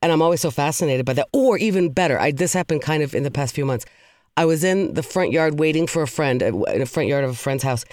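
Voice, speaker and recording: A woman co-hosting a podcast, telling stories in a casual, animated way, laughing often and swearing now and then. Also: deep voice, fast talker, no echo, clean studio sound. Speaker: podcast co-host. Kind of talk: casual chat.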